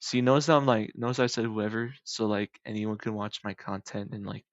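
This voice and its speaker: A man's voice: fairly low pitch, steady tone, fairly quick, no echo, muffled recording. A young man in his late teens rambling casually over gameplay, joking and correcting himself as he goes. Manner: jokey, rambling, self-correcting asides. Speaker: gaming video maker.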